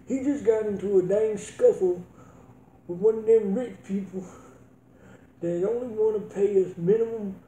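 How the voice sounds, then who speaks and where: A man playing a gruff, hard-drinking rural father in a comedy sketch, talking in a blustery, folksy drawl. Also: high voice, normal speed, mellow, natural voice. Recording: roomy echo.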